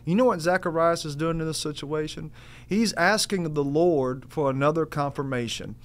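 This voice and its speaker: A man's voice: a little high, normal speed. A man preaching a sermon in an earnest, emphatic way, repeating his key phrases and calling the listeners family.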